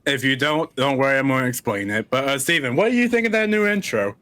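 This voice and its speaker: A man's voice: medium pitch, animated, fast talker, fairly bright tone, dry recording. A man co-hosting a comedy podcast, chatting casually and playfully with restarts. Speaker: podcast co-host.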